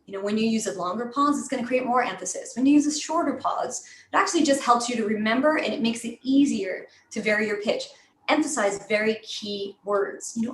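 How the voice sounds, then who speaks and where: Woman speaking coach, higher voice, lively teaching delivery, echoey room. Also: moderate pace, slight background noise. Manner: energetic, coaching, demonstrates examples with lively voice shifts. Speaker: program director teaching presentation skills. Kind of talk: live online class. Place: room in New York.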